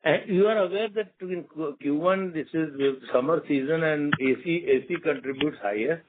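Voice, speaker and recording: A man, an executive answering analysts on an earnings call, speaking haltingly with many fillers. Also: on the high side. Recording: narrow phone line.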